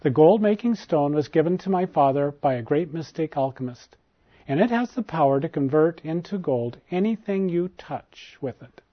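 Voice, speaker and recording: Guy reading as a proud bossy prince, kinda high voice, muffled lo-fi sound. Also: animated, normal speed. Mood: earnest. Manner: earnest, then urgent and commanding. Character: proud, demanding young male prince. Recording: dull lo-fi recording.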